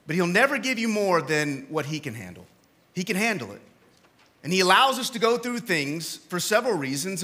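A young man from Oklahoma preaching a casual, jokey sermon with many restarts. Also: sits high. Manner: animated, jokey, restarts often.

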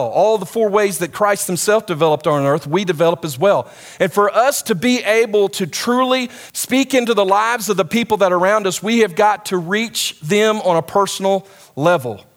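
A middle-aged man gives a sermon in a church, speaking in a fairly high voice. His delivery is conversational and he keeps asking the congregation questions. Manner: conversational, engages the audience with questions. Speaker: preacher. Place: church hall with a live congregation.

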